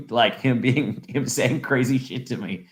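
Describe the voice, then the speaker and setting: Young man, mid-pitch, loose storytelling podcast co-host who laughs and does voices. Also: takes it slowly. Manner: laughing storyteller, animated impressions. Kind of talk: casual chat.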